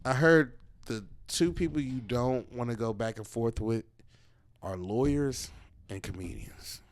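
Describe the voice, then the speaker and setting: A man's voice: mid-range voice, measured pace, no room sound. A man, a comedian hosting a podcast, telling loose, profane stories and acting out the voices of the people in them. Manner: loose storytelling with heavy profanity, acts out voices. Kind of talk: casual chat.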